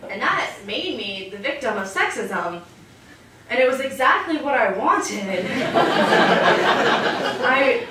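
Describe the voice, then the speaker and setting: A young woman doing a stand-up comedy routine on a club stage, deadpan and self-mocking, with frequent "um" fillers. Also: fairly high pitch, heavy background noise. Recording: echoey club recording from far off. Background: audience laughter.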